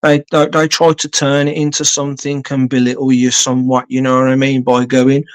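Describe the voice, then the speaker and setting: A man's voice: mid-range voice, level tone, fairly quick, smooth. A man telling a long story on a casual live stream, blunt and sweary, rambling with lots of fillers.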